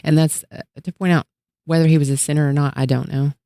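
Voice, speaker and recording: A man's voice: on the high side, level tone, quick pace, gravelly, warm tone, no room sound. A man co-hosting a podcast, making dry, wry asides during a casual chat. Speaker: podcast co-host.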